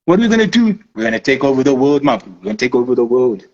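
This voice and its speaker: A man's voice: mid-range voice, sing-song, very fast, a little mellow, highs cut off, voice pushed down. A man voicing a boastful, hyped big-money trader in slangy banter.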